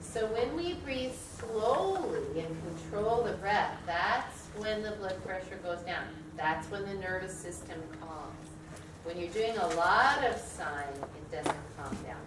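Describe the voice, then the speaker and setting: An unhurried woman with an animated, mid-range voice teaches yoga trainees in a studio room, conversationally leading their breathing and quizzing the group. Her voice comes through a distant mic in a noisy, echoey space.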